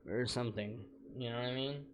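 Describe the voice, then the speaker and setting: A man's voice: medium pitch, brisk, slight background noise. A young man streaming a game from home at night, rambling and venting in casual chat with plenty of swearing.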